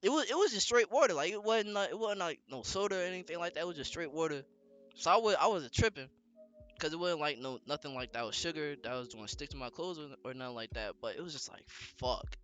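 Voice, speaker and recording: A young man casually telling a story on a podcast, slangy and animated, with lots of fillers. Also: a little high, fast, faint music behind. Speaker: podcast co-host.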